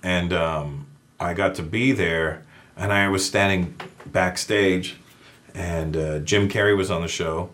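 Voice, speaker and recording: A man's voice: low voice, fairly even intonation, slow, a bit bright, slight background noise. A Canadian man, a comedian guest, telling stories in casual chat and acting out his own lines in raised voices.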